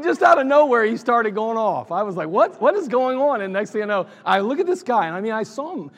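Animated Ohio pastor in a reverberant church. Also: male voice, high voice. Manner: animated storyteller, laughs at his own stories. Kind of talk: anniversary sermon storytelling. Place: church sanctuary. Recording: church service recording with long hall reverb.

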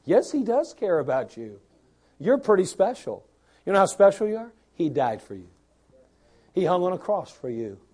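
Older man preaching, high-pitched. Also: sing-song, moderate pace, a little mellow, breathy edge. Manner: preaching with rising bursts of emphasis and repetition. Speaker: pastor. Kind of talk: sermon.

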